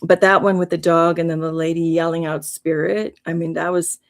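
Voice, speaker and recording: A woman's voice: low voice, little pitch movement, moderate pace. A woman hosting a livestream, telling a heartfelt spiritual story in an earnest, rambling way. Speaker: livestream host.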